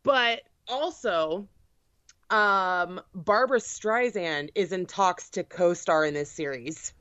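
A woman's voice: on the low side, takes it slowly, fairly bright tone, no room sound. A woman in casual chat, talkative and sarcastic with lots of fillers. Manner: chatty, sarcastic, full of fillers. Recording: dull lo-fi sound, dry.

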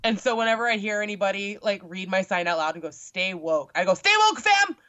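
A young woman chatting casually about a cosplay meetup, with lots of filler words and animated quoting. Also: mid-range voice, fast talker, dry recording. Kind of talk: casual chat. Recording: dull lo-fi sound.

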